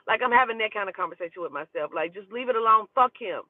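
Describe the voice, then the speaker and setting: A woman who does spiritual readings, telling a story in a casual, profane and animated way. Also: mid-range voice, quick pace, hardly any pauses, no echo. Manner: profane, animated, talking to herself aloud. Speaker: spiritual reader. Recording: tinny phone-like dry audio.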